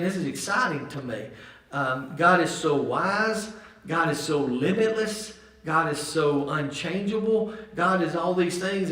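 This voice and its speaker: A man leading a Bible study, reading verses aloud and explaining them with frequent restarts and repeated words, growing animated at times. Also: medium pitch. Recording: echoey room, mic far off.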